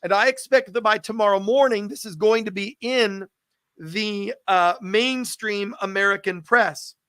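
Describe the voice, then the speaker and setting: Urgent high-voiced male live-stream host. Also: a little slow, pushed and bright, clean tone, dry recording. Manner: urgent and pleading, repeats calls to action.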